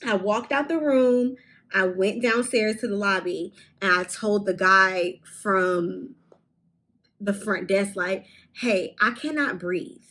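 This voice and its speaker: A young woman in her twenties, telling a storytime vlog in a candid, animated way with casual swearing. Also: medium pitch, slow pace, low-quality recording. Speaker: vlogger.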